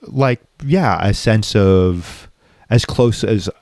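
Male guest, low register, confessional and profane, dry close-miked sound. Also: takes it slowly, darkish tone, dry recording. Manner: raw, reflective, frequently profane. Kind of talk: candid personal storytelling in conversation.

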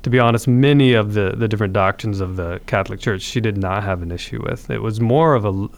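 A man's voice: fairly low pitch, quick pace, gravelly. A man, a podcast guest, telling his conversion story in an earnest, reflective way with frequent restarts.

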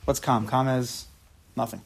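Gravelly-voiced man teaching a lively class. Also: mid-range voice, measured pace. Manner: lively, acts out quotes, talks to the class. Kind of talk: informal religious lesson.

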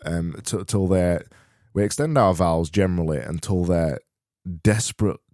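A man with a South Yorkshire accent hosting a solo podcast, rambling and correcting himself with dry, deadpan humor. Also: low voice, normal speed, no echo. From Barnsley, South Yorkshire. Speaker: podcast host.

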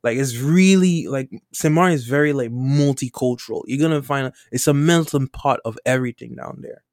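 A man co-hosting a podcast, talking casually in a relaxed, hesitant way with many fillers. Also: medium pitch, a little fast, no echo, studio quality. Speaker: podcast co-host. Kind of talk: casual chat.

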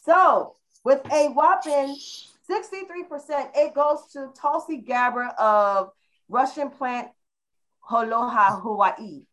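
A woman's voice: high-pitched, slow pace, fairly bright tone, poor audio. A woman hosting a casual podcast panel, playful and teasing as she reads out the nominees. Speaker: podcast host.

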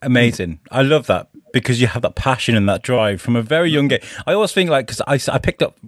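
A man's voice: mid-range voice, animated, fast, no echo, studio quality. A man hosting a podcast from his bedroom, chatty and jokey, slipping into little voices. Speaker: podcast host. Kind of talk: casual interview chat.

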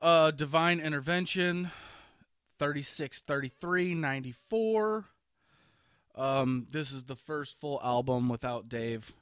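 A man's voice: a little high, slow, a bit bright, clear, resonant tone, no room sound, clean studio sound. A man co-hosting a casual podcast about metal albums, rambling and restarting his sentences. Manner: rambling, restarts often, loose and profane. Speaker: podcast co-host.

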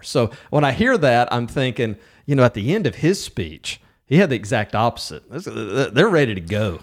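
A man co-hosting a business podcast, chatting casually in a joking, animated way. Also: mid-range voice, normal speed, hardly any pauses. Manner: animated, jokey, with filler restarts. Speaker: podcast co-host. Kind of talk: casual chat.

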